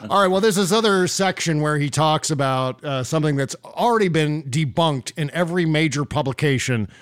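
Brief: male podcast host, lively and mocking, slightly high voice, dry close sound. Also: no echo. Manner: sarcastic, mocking, quick asides. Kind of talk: casual political commentary.

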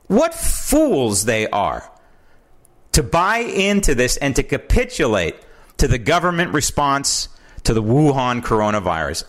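A man's voice: mid-range voice, a bit bright. An American man hosting a talk show, delivering an indignant, emphatic political commentary monologue from a home studio. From United States. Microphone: studio mic with old headphones.

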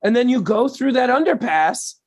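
A man speaks as an interview guest, with a husky, slightly breathy voice. He explains his ideas thoughtfully and stumbles over a few words as he goes. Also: very high voice, animated, moderate pace. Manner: thoughtful, explanatory, some stammering. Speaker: guest producer. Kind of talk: casual interview chat.

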